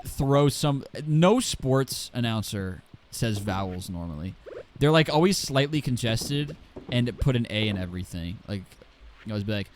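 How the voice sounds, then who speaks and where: A man's voice: fairly low pitch, moderate pace, slight background noise. A man streaming a farming game, chatting casually with viewers and exclaiming over loot. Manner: animated, exclaiming, talks to chat. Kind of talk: casual gameplay commentary.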